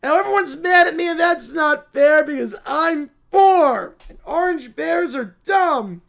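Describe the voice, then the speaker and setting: A man's voice: very high-pitched, lively intonation, unhurried, creaky, a bit bright, pitched above the performer's own voice, full character voice. A man voicing a whiny, bratty four-year-old boy bear cub in comic cartoon style. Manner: whiny, petulant outbursts. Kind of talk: comedic voice acting of donated scripts.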